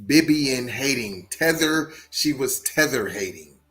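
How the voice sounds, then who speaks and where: Animated man hosting a live podcast. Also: a little slow. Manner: animated, repeats words, swings between loud outbursts and low asides. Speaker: podcast host. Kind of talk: live-stream commentary, reading chat.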